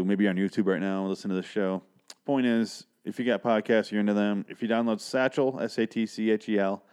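Dude rambling on his podcast, kinda low voice, swears a lot, does little voices. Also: a little mellow, clear, resonant tone. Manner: rambling, profane, acts out characters. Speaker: podcast host. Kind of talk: casual solo podcast chat.

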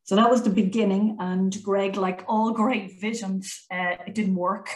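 A woman's voice: mid-range voice, fairly even intonation, measured pace, roomy sound, low-quality recording. A woman, a college founder chatting as an interview guest, talkative with many fillers and restarts. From Ireland. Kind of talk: conversational interview.

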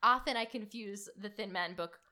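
A woman's voice: medium pitch, normal speed, bright, forceful tone. A woman film critic on a podcast in casual chat, making dry, joking asides.

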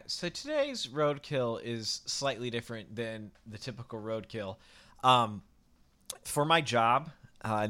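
A man's voice: on the low side, sharp tone. A man co-hosting a podcast in laid-back casual chat, laughing along easily. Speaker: podcast co-host.

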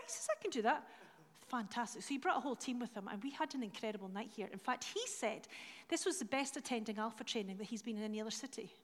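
A woman's voice: sits high, lively intonation, fast, fairly bright tone. A middle-aged Scottish woman speaking from a church stage, telling self-mocking stories and acting out the dialogue. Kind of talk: anecdotal sermon talk. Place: large church hall. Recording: live hall with long reverb.

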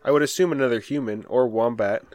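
A man's voice: mid-range voice, fast, a little mellow. A man co-hosting a podcast, reading out news headlines and joking about them. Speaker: podcast co-host. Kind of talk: casual comedic banter.

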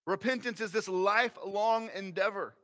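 A man in his thirties, a pastor, preaching a sermon in a folksy, animated way. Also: sits high, moderate pace. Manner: animated, folksy, acts out voices.

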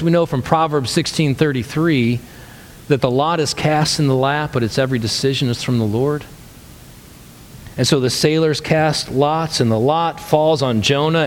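Animated pastor preaching in a reverberant hall. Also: male voice, fairly high pitch. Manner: conversational, animated storytelling with many restarts. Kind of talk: sermon.

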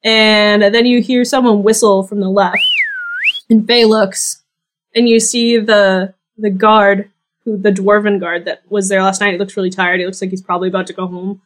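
A woman narrating as game master of a tabletop game, relaxed and often laughing. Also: medium pitch, moderate pace. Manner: relaxed, giggly storytelling.

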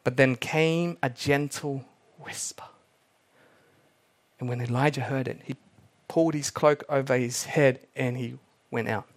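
Preacher dropping to hushed emphasis. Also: male voice, mid-range voice, normal speed. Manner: dramatic, drops to near-whispers for emphasis, repeats key words. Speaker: pastor. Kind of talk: sermon.

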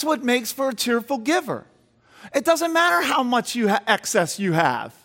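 High-voiced preacher in a reverberant church. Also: male voice, big pitch swings, normal speed, fairly bright tone. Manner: emphatic preaching that rises in pitch and volume as he builds; repeats and restarts phrases, asks the congregation questions. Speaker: pastor. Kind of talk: sermon. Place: church sanctuary with long reverb.

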